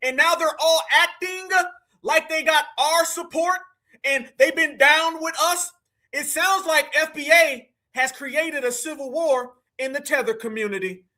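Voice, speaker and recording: A man hosting a live stream, reacting to clips in a loud, mocking way and often calling out to his audience. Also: very high-pitched, unhurried. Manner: loud, mocking, keeps addressing "family".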